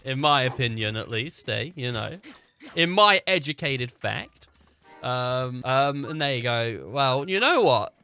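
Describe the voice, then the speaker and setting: A man's voice: medium pitch, animated, unhurried, pushed and bright, faint music behind. A man giving rambling, joking commentary over a video game, breaking into laughter now and then. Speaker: gaming streamer.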